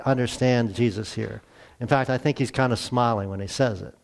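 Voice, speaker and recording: Pastor guy giving a chatty sermon, middle pitch, keeps restarting and repeating himself. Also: fairly quick, creaky, darkish tone, clean tone. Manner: plain-spoken, restarts and repeats words. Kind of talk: conversational sermon.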